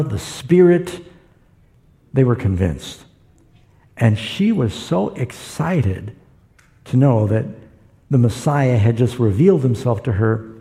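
A man's voice: mid-range voice, warm tone. A man preaching a sermon, retelling scripture stories and acting out the voices in them. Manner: storytelling, acts out quoted voices.

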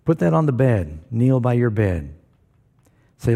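Pastor, male, folksy preacher with a husky, warm voice, working a live church crowd. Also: mid-range voice, very animated, a little slow, long pauses. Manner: folksy, joking preacher who asks the crowd for responses. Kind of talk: sermon to a congregation. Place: church before a live congregation.

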